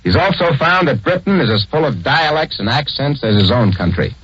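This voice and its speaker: A man's voice: fairly high pitch, sing-song, brisk, fairly bright tone, husky. A man narrating a 1940s radio program in a conversational, explanatory way, on a dull old recording.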